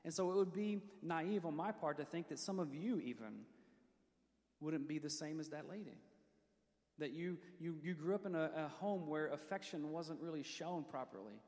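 A man preaching a sermon who leads the congregation in call-and-response, tells stories from his own life, and slows down to read scripture. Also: a little high, a little mellow. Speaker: pastor. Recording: long reverb of a church hall.

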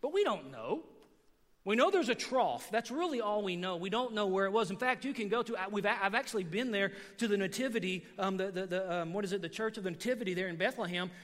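High-voiced animated man preaching in a hall. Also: quick pace. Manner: animated storytelling, conversational, says "man" often. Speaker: pastor. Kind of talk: sermon. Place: church sanctuary. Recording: church hall reverb.

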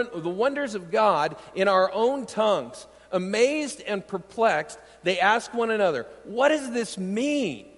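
A man preaching a sermon as pastor, his voice sitting high for a man. He speaks with emphatic, animated delivery and leans on rhetorical questions to his listeners. The sound carries a long reverb tail, as in a large hall. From Iowa.

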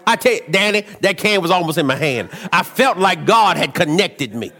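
A man gives a sermon at a moderate pace, recounting stories with animation and moving between low asides and shouting. The recording carries a big-room sound.

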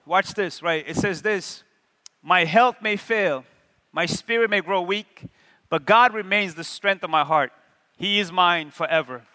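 Male pastor, high bright voice, lively sermon delivery with call-and-response, church hall reverb. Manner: animated, call-and-response with the congregation.

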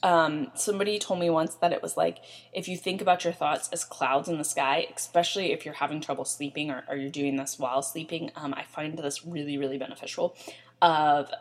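A young woman hosts a casual self-help podcast. Her voice sits a little low, and she talks in a loose, chatty way. She leans on fillers and keeps checking in with "right?". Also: fairly even intonation, a little fast. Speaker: podcast host.

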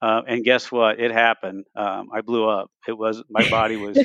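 A man in his sixties, a podcast guest, telling his race stories in a casual, animated way and often acting out what he said to himself. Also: on the low side, moderate pace, dry recording, lo-fi sound. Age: 60s. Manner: animated, retells races with quoted self-talk. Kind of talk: casual storytelling.

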